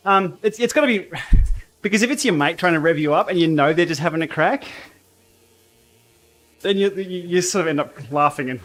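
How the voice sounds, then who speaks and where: A man hosting a casual cycling livestream from his home training room, blunt and outspoken, quick to laugh. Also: a little high, animated, fairly bright tone. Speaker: cycling YouTuber and livestream host. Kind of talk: casual livestream chat while riding.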